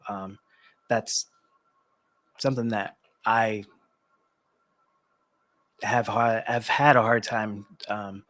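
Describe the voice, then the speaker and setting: A man speaks softly and hesitantly as a guest, pausing often with ums as he reflects. His voice sits a little low. The recording is dry and close. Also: no room sound. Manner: soft-spoken, hesitant, many ums. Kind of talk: reflective conversation.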